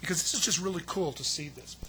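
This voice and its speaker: A man preaching a sermon as pastor, telling the story with lively acted-out quotes. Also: on the high side, fast, a little hiss or hum. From United States. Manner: animated storytelling, acts out quoted voices.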